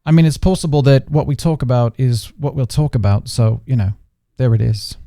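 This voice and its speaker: A man's voice: mid-range voice, a little fast, vocal fry, warm tone, no room sound. A man hosting a casual podcast chat, playful and rambling, often slipping into put-on accents. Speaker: podcast host.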